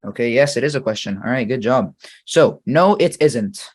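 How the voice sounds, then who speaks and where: A male English teacher walks through grammar examples in a patient, deliberate way. He reads each sample sentence slowly and then quizzes the listener on it. His voice sits at an ordinary middle pitch. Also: lively intonation, slightly rough. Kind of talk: grammar lesson.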